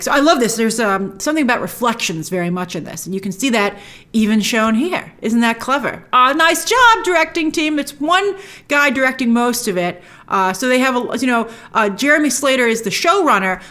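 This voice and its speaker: A woman's voice: fairly high pitch, fairly bright tone. A woman hosting a trailer breakdown, chatting enthusiastically with lots of restarts. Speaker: host.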